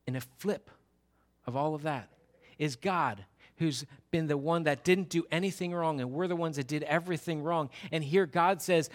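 A man's voice: fairly high pitch, normal speed. A man preaching a sermon in an earnest, emphatic way, often restarting his words.

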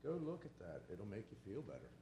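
A man from the congregation voicing a tempting male serpent, improvising his lines in a plain, flat way. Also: lowish voice, a little fast, slightly rough, heavily acted. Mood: coaxing. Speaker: volunteer from the congregation.

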